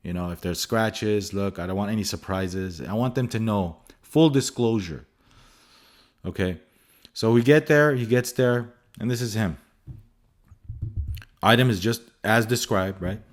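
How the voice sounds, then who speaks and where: A man's voice: lowish voice, measured pace, pauses often. A man hosting a photography vlog, telling stories casually and animatedly with exasperation and restarts. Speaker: photography channel host.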